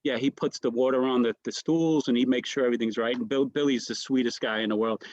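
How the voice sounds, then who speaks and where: A man's voice: medium pitch, steady tone, fast, darkish tone, dull audio, slight background noise. A man, a comedian guest, telling rambling stories and mimicking the voices of others. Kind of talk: storytelling anecdotes.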